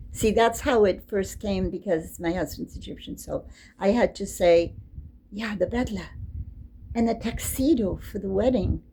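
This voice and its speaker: An older woman giving an informal, chatty lecture, quick to get excited. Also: mid-range voice, a little hiss or hum, rough recording. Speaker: teacher.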